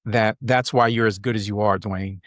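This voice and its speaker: A man's voice: on the low side, steady tone, moderate pace, dry recording, clean studio sound. A man speaking as an interview guest who is a trainer, sincere and affirming in tone. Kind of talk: casual interview talk.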